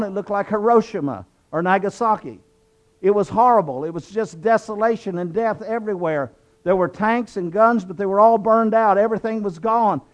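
A man from southwestern Virginia, telling his conversion story in an earnest, preacherly way and repeating phrases for emphasis. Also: sits high. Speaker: guest telling his testimony. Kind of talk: preacherly testimony.

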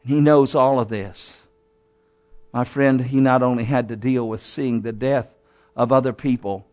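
A man's voice: mid-range voice, fairly even intonation, unhurried, darkish tone. A male preacher delivering a dramatic sermon, often calling his listeners "my friend" and building through repeated phrases.

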